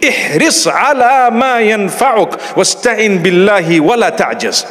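A man's voice: high voice, very animated, fast talker, a bit bright. A middle-aged man preaching a sermon in a chatty, humorous way, with Arabic phrases woven in. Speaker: Islamic preacher. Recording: long hall reverb.

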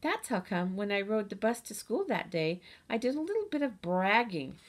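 A chatty, boastful kindergarten girl narrates her own storybook tale, as a woman reads her aloud. She talks in a lively, childlike way with playful grammar. Her voice sits at a medium pitch. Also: moderate pace. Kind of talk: audiobook reading.

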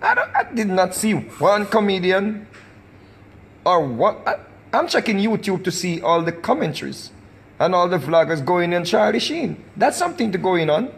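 Man, Jamaican accent, high voice, impassioned vlog rant, emphatic, repeats himself, preaching. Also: sing-song, moderate pace, gravelly. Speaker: recording artist.

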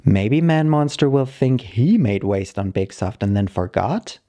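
A man calmly reading a short story aloud, narrating in the plain, halting voice of a dog. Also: medium pitch. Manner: calm, measured reading of a dog's broken-English narration. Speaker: story reader.

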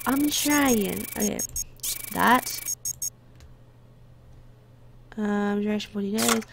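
A woman with a medium-pitched voice and vocal fry speaks slowly and pauses often, with a little hiss or hum in the recording. In casual let's play commentary she talks to the game characters as a border guard, slipping into playful put-on accents.

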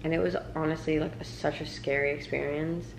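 A woman's voice: deep voice, fairly even intonation, brisk, creaky, roomy sound, slight background noise, low-quality recording. A young woman vlogging, retelling her story with many fillers. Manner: quiet, subdued retelling. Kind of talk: storytime vlog.

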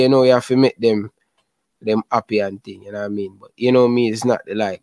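A man's voice: mid-range voice, no room sound. Jamaican man in dry close chat. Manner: emotional, repetitive, talks in patois. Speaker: YouTube football channel host. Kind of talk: casual chat.

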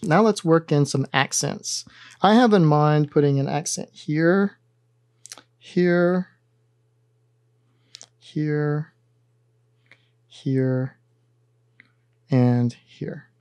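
Calm, methodical man explaining synth steps. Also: fairly high pitch, very slow, long pauses, clear, resonant tone, no echo, clean studio sound. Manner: calm, methodical, talks through each button press. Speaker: synthesizer tutorial host. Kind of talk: step-by-step instructional demonstration.

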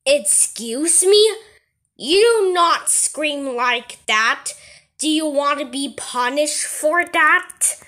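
A woman's voice: high-pitched, animated, very slow, bright, forceful tone. A woman voicing a firm, patient mother who scolds her son in a homemade cartoon. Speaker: cartoon narrator and voice actor.

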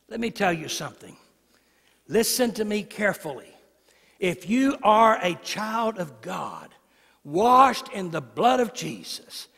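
High-voiced preacher man in a reverberant church. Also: husky. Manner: storytelling preacher, swings from hushed to shouting. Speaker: guest preacher. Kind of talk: sermon. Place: church sanctuary, live service.

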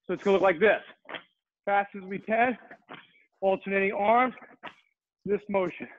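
Male guest martial arts instructor, high voice, upbeat drill calls, tinny call audio. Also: measured pace, long pauses, a bit bright. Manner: upbeat coaching, calling drills. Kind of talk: online fitness class instruction.

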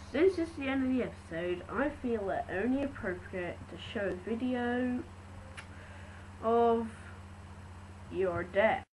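A woman hosting a casual video show, giving wry, deadpan remarks between clips. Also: on the high side, noisy background. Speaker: video host.

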